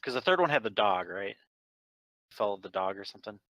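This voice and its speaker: A man's voice: lowish voice, expressive, fairly quick, pushed and bright, slight background noise. A man playing a tabletop game, chatting in a rambling, hesitant way. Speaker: player. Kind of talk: casual chat.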